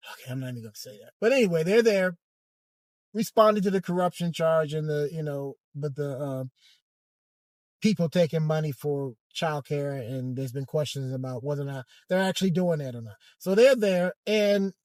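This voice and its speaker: A man giving a hesitant, halting commentary monologue from inside a car, with frequent restarts. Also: on the high side, a little mellow, dry recording. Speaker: vlogger.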